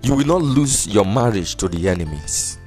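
A man's voice: fairly low pitch, animated, moderate pace, a little mellow, faint music behind. A man with a Nigerian accent, a pastor delivering a sermon and fervent prayer in repeated, sing-song decrees. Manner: emphatic, repetitive decrees.

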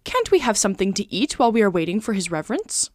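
A woman reading aloud, voicing a resourceful, hungry manservant who pleads briskly. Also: mid-range voice, very animated, a little mellow, dry recording, clean studio sound. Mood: pleading. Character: resourceful hungry male servant. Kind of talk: storybook reading.

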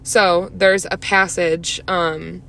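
A woman's voice: lowish voice, level tone, slow, creaky, sharp tone. A young woman hosting a solo faith podcast, talking in a chatty, earnest way with many fillers. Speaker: podcast host.

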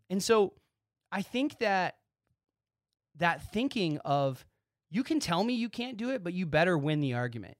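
A man hosting his own podcast, talking excitedly in a casual monologue and acting out quick bits of dialogue. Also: sits high, dry recording, studio quality. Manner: excitable, animated, talks with his hands in quoted dialogue. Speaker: podcast host.

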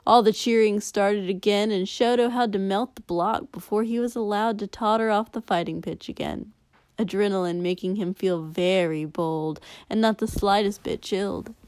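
A woman narrating a story aloud in a steady, unhurried reading. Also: mid-range voice, clear, resonant tone. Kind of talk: reading fan fiction aloud.

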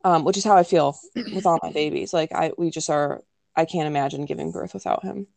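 A young woman with a lowish voice tells a personal story in a relaxed, conversational way. She leans on "like" and "um" and sometimes acts out quoted lines. The sound is close and dry, with no room around it. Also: fairly quick, gravelly, no room sound. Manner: chatty, many "like" and "um" fillers, acts out quoted lines. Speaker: podcast co-host telling her birth story.

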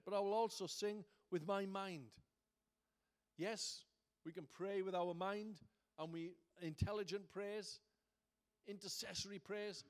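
A man preaching a sermon as pastor, conversational at times and rising to fervent emphasis. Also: high-pitched.

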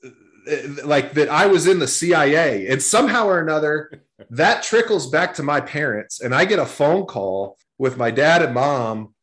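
A man's voice: fairly high pitch, expressive, normal speed, a bit bright. A man in his forties from Texas, a guest telling long stories in a casual interview, with many restarts. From Texas, USA. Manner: rambling, repeats words and restarts often.

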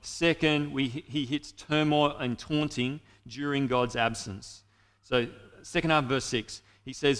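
A man's voice: medium pitch, steady tone, unhurried, a bit bright, long reverb tail. A man preaching a sermon in an earnest way, speaking directly to his listeners.

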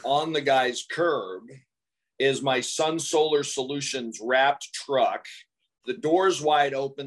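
A man guesting on an interview, a salesman telling animated stories and laughing through them. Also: medium pitch. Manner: animated storyteller who laughs through his anecdotes. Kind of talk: casual interview storytelling.

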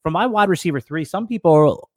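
A man co-hosting a casual fantasy football podcast, talking in an easygoing, halting way. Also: fairly high pitch, expressive, no room sound. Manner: easygoing, hesitant, many fillers and restarts. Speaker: podcast co-host. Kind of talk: casual sports podcast debate.

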